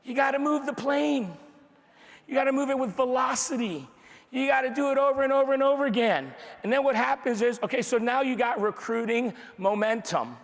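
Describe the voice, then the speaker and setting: A man with a high voice leads a motivational sales training for a live crowd. He repeats his points over and over, fires rhetorical questions and acts out dialogue. His voice rings with the long reverb of a big hall. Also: fairly quick. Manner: energetic and repetitive, drives points home with rhetorical questions. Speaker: sales team leader giving a motivational training talk. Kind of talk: motivational speech to a live audience. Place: large room with an audience.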